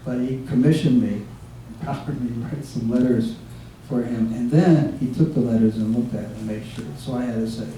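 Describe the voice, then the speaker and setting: A guest speaker with a dark, mellow, medium-pitched voice and steady tone rambles through devotional remembrances, halting with many fillers and restarting as memories return. The informal talk is captured from across a very echoey room in a devotees' home, over a faint hiss.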